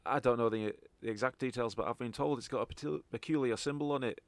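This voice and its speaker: A man's voice: mid-range voice, fast, no echo, natural voice. A man voicing a male local contact with a put-on Scottish accent, folksy and full of "aye". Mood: conspiratorial. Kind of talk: in-character voice in a tabletop game.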